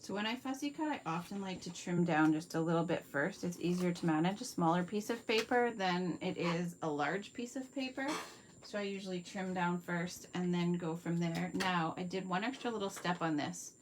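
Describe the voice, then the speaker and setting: A woman's voice: fairly low pitch, normal speed, a little hiss or hum. Chatty Canadian woman demonstrating crafts. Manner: chatty, talks viewers through each step while working; reads out and answers viewer comments. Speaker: card-making demonstrator. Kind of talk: live craft tutorial. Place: home craft workspace.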